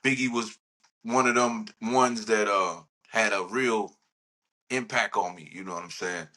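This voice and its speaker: Laid-back rapper, bright voice. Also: male voice, on the low side, measured pace. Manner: laid-back, rambling, says "you know what I'm saying" often. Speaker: podcast guest, rapper. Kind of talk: casual podcast interview.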